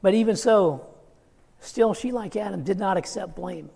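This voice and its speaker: Male preacher, sermon delivery, emphatic and earnest; gravelly, reverberant church sound. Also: sits high, moderate pace, dark tone. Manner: earnest, emphatic, quoting scripture in acted asides.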